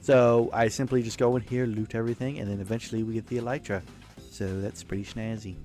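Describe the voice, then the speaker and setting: A man's voice: medium pitch, fairly even intonation, quick pace, dark tone. A man giving casual, rambling commentary over his own gameplay video, joking and correcting himself as he goes. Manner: rambling, self-correcting, jokey. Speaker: gaming YouTuber. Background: faint background music.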